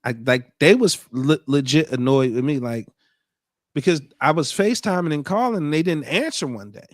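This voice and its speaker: Fairly high-pitched and lively in intonation, an adult father hosts a podcast live stream at a moderate pace, chatting casually, reading viewers' comments and cracking profane jokes. The audio is clean studio sound without echo.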